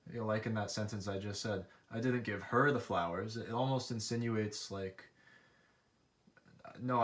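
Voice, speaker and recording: A young man giving an academic presentation, thoughtful and a little hesitant, with fillers as he explains his research. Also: on the low side. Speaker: student presenter.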